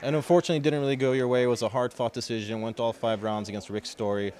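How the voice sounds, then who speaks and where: A man's voice: medium pitch, level tone, racing, darkish tone. A man in a middle voice interviews a fighter in a gym. He is chatty and asks long, winding questions. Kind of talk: casual sports interview. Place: sports gym.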